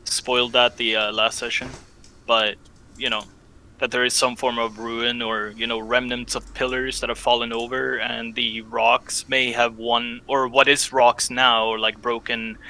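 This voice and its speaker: A man narrating a tabletop game as game master, often pausing and searching for words. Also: medium pitch, level tone, bright, forceful tone, low-quality recording. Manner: hesitant, searching for words with many fillers.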